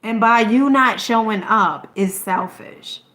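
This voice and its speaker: A woman's voice: a little high, takes it slowly, fairly bright tone. Emphatic woman vlogger in an echoey room. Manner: emphatic and preachy, keeps asking "okay?", swears casually. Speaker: content creator. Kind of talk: motivational talk to camera.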